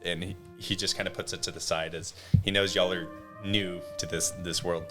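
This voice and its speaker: A man's voice: low voice, flat delivery, normal speed, over music. A man acting as dungeon master, narrating a tabletop game in a loose, rambling way with many fillers.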